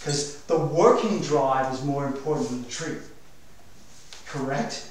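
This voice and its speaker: A man coaching a dog owner in a hands-on training demonstration, energetic and direct. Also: mid-range voice, unhurried, slight background noise. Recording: echoey room, mic far off.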